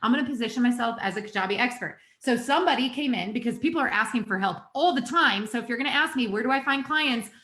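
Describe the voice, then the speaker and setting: Upbeat young woman, fairly high voice, live webinar coach, echoey room. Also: lively intonation, fast talker, few pauses, sharp tone. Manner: upbeat, chatty, addresses the audience directly. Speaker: host of a live business training.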